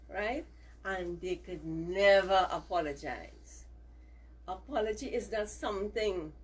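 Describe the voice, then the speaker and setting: A woman's voice: a little high, a bit bright, breathy edge, poor audio. A middle-aged woman teacher giving a values lesson to children, coaxing them to repeat phrases after her.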